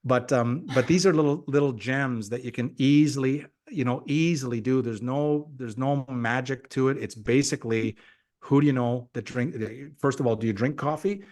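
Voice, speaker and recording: Energetic man giving a sales pep talk. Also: medium pitch, moderate pace. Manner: energetic, repetitive, acts out quoted dialogue. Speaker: guest speaker on a team call. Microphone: call audio.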